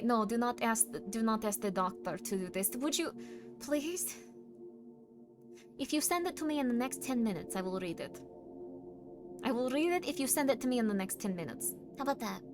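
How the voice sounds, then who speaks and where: A fairly high-voiced woman hosting a casual livestream, chatting with her viewers in a teasing, playful way. She sometimes pushes hard with loud, insistent demands. Clear background music plays under her voice throughout. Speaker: livestream host. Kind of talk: casual livestream chat reading viewer messages. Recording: stream with music playing underneath.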